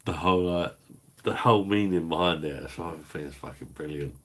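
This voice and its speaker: A man's voice: extremely low pitch, moderate pace. A man from London with a Cockney-Kentish accent, hosting a live stream and bantering with the chat in a laid-back, sweary, chuckling way. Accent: Cockney-Kentish English. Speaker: livestream host reading chat.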